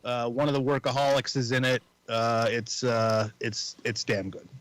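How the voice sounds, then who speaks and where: A man's voice: mid-range voice, level tone, moderate pace, fairly bright tone, no echo, poor audio. A man co-hosting a podcast in casual chat, rambling with frequent restarts and casual swearing. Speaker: podcast co-host.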